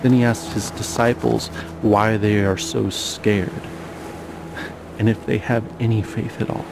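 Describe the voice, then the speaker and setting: A man narrating as a father, reflective and searching, asking quiet questions. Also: fairly low pitch, little pitch movement, a little slow, gravelly, background noise. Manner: questioning, searching, soft-spoken. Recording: music under the voice.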